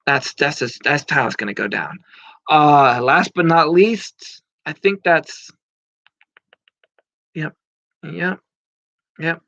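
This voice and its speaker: A man in his thirties talks slowly and loosely, filling pauses with ums and the odd curse word. His voice is bright and a little high. The recording is dull and lo-fi, with no room echo. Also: gravelly. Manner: rambling, swears casually, many fillers. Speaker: wrestling commentator. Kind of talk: casual predictions vlog. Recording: muffled lo-fi dry recording.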